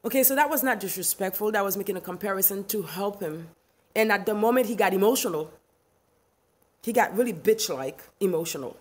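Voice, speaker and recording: Speaking fairly quickly with lively intonation and a medium pitch, a Haitian-accented woman of middle age, from Haiti, runs a livestream. Her rant is emphatic and indignant, broken up by frequent laughter and replies to viewers' comments.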